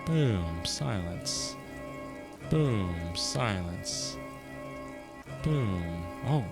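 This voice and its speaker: A man streaming a video game, reading its narration aloud and reacting with quick casual asides. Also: fairly low pitch, gravelly. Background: game music.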